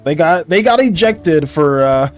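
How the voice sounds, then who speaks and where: Lively male art streamer, faint music. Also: a little high, a little slow. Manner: animated, laughs often, repeats himself. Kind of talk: casual livestream chat while drawing.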